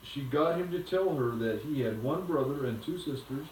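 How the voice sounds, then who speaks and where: A man's voice: medium pitch, animated, normal speed, a little mellow, recorded from a distance, slight background noise. Man reading a bedtime story in an echoey room.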